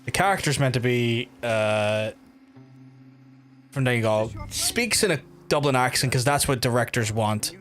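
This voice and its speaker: A man's voice: mid-range voice, animated, unhurried, fairly bright tone, soft background music. A man streaming a video game, chatting casually, swearing and laughing as he plays. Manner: chatty and laid-back, swears freely and laughs. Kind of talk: casual gameplay commentary.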